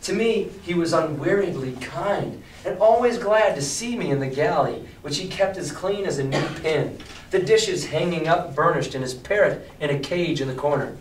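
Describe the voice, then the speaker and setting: A man's voice: on the high side, moderate pace, slight background noise. A male teacher reading a novel aloud to his class and explaining it in casual, plain-spoken asides. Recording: roomy classroom from far off.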